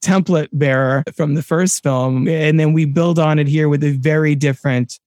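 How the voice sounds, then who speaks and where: A man co-hosting a casual film podcast, talking in an animated way with many restarts and sudden bursts of excitement. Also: fairly high pitch, moderate pace, no echo. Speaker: podcast co-host.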